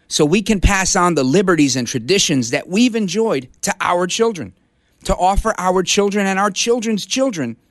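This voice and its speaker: A conservative talk radio show is hosted by a middle-aged Brooklyn, New York man whose fairly high voice has a fairly bright tone. He gives an impassioned monologue meant to rally listeners, recorded dry and clean on a studio broadcast mic.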